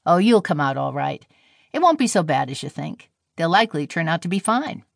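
A woman's voice: sits low, big pitch swings, fairly quick, creaky, no echo, clean studio sound, full character voice. A woman reading the part of a kindly young male railroad engineer, cheerful and slangy. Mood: breezy.

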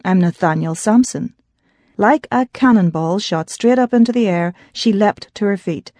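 A woman narrating an audiobook in a measured storytelling manner. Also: mid-range voice, darkish tone, no echo. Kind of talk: scripted narration.

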